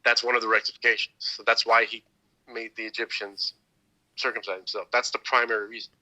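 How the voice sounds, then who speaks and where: A man's voice: mid-range voice, flat delivery, a little fast, sharp tone, low-quality recording. A man hosting a podcast, talking through religious teachings in a loose, rambling way with many restarts. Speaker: podcast host. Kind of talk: casual religious discussion.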